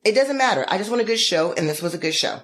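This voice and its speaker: A woman chats casually as a podcast co-host. She is opinionated and expressive. Her pitch swings widely as she acts out what others said. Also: racing. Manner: animated, opinionated, acts out quotes in dramatic voices. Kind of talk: casual chat.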